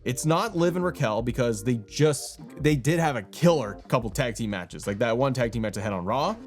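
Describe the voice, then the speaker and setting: A man's voice: mid-range voice, expressive, normal speed, faint music behind. A young man hosting a wrestling channel, talking in a casual, rambling way with lots of restarts. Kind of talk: casual commentary.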